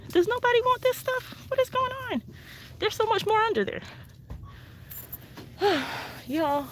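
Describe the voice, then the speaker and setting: A woman's voice: on the low side, fairly bright tone. A woman hosting a chatty live shopping vlog on her phone, talking to viewers as she walks through a store. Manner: chatty, addresses viewers as y'all. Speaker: couponing vlogger. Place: inside a discount store. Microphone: phone held while walking. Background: faint store noise.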